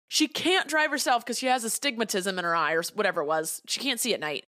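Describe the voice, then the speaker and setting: A woman's voice: medium pitch, lively intonation, fast, bright, forceful tone, no echo. A woman hosting a solo podcast, talking bluntly with a lot of swearing and heated opinions into a close mic. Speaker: podcast host.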